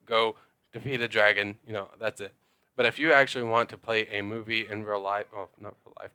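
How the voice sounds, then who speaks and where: At home, a man talks casually to camera about playing tabletop role-playing games, rambling loosely with many fillers. His mid-range voice is bright, forceful and smooth, captured in a dry, studio-quality recording.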